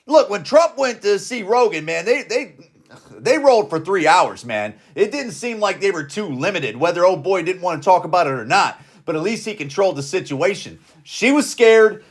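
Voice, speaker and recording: A man's voice: sits high, a bit bright. A man in his forties hosting a podcast, ranting bluntly in casual slang and repeating his points. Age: 40s. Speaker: podcast host. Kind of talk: casual opinion rant.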